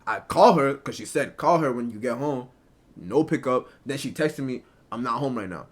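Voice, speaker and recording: A young man recounts a story to his viewers in a loose, rambling way. His voice sits at an ordinary middle pitch, and he keeps tossing in "like" and "right?" as he goes. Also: lively intonation, normal speed. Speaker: storyteller streamer. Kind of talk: casual storytelling to a live chat.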